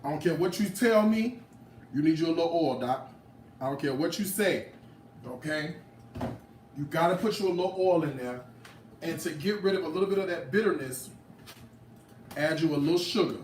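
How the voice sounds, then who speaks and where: A man's voice: a little high, animated, moderate pace, pauses often, darkish tone, recorded from a distance, a little hiss or hum. A man in his late thirties giving a casual cooking demo in a home kitchen, sassy and playful, talking back to his viewers. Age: late 30s. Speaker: home cook. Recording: roomy, off-mic kitchen sound.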